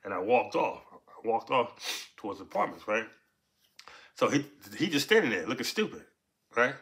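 Bright-voiced man telling a street story. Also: sing-song, normal speed. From Los Angeles. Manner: street slang, repeats "right?" and "so boom". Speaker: storyteller recounting his past. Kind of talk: casual spoken storytelling.

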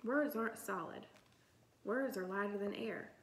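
A woman voicing the inner thoughts of a quiet, thoughtful sixth-grade girl. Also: medium pitch, unhurried, a little hiss or hum, lightly acted. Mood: dreamy. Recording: roomy echo.

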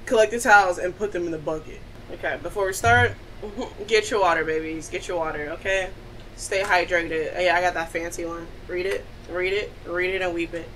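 A young woman hosting a horror game playthrough, chatting playfully with viewers and reacting loudly to scares. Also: on the low side, steady tone, brisk, slight background noise. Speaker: gaming channel host. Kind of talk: horror game let's play commentary.

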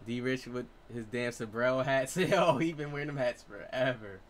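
A man's voice: mid-range voice, normal speed. A young man streaming a basketball video game live, talking loosely in slang to his teammates and his chat. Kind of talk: casual live game commentary.

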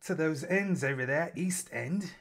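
A woman voicing a slow, rambling older lady who talks about her favorite foods, full of fillers and pauses. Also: deep voice, full character voice. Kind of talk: comedic role-play in a group podcast.

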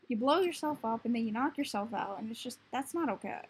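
A woman's voice: on the high side, animated, a little fast, few pauses, slightly rough. A young woman giving casual gameplay commentary, often cooing baby talk at the creatures on screen. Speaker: gaming video host.

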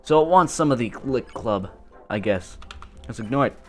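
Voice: mid-range voice, lively intonation, moderate pace. A gamer rambling through let's play commentary in a goofy, self-amused way. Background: game music.

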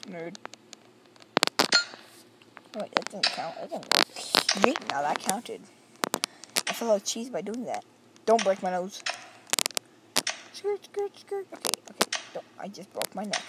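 A woman giving let's-play commentary on a video game, excitable, with silly sound effects and sudden yelps. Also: medium pitch, unhurried, pauses often. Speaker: gamer. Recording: loud clicking noise.

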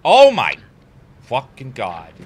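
A young man streaming a frustrating climbing game, swearing a lot and breaking into sudden angry shouts. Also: mid-range voice, huge pitch swings, slow, breathy edge. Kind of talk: frustrated gameplay commentary.

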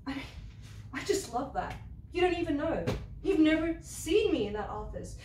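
An actress performing a stage monologue as a quick-tempered young former waitress, hurling profane, confrontational accusations. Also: female voice, sits high, big pitch swings, reverberant, recorded from a distance, noisy background. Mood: indignant. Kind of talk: theatre monologue.

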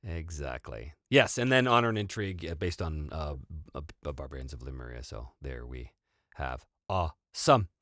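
A man's voice: extremely low pitch, moderate pace, no room sound, studio quality. A man hosting a tabletop RPG channel, answering viewer questions in casual chat with plenty of fillers and restarts. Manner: animated, rambling, many fillers and restarts.

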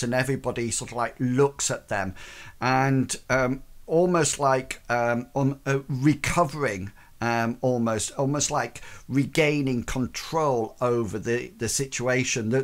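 A man narrating a tabletop game as game master, halting and full of ums and restarts. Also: medium pitch.

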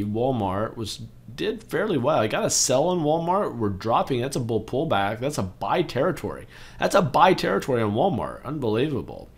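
A man in his forties hosting a trading channel, talking casually through stock charts and getting excitable over big moves. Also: fairly low pitch. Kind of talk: casual chart walkthrough commentary.

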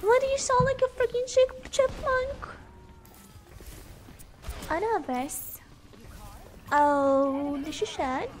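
A young woman streaming a game, chatting casually, sleepy, chatty and loudly reacting to the play. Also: very high voice, takes it slowly, pauses often, a little hiss or hum. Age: young adult. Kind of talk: casual gameplay chat.

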